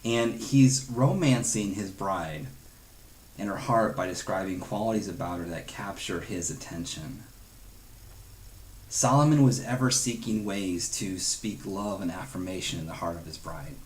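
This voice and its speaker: A man's voice: low-pitched, measured pace. A man leading a devotional Bible study, earnest and conversational, dropping in chuckles and quoted asides.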